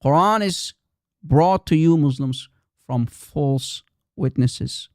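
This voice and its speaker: A man's voice: fairly high pitch, slow pace, a little mellow, no echo, studio quality. A man hosting a live stream, arguing in a combative, repetitive way and firing challenges at his audience. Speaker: livestream host. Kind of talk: heated live-stream polemic.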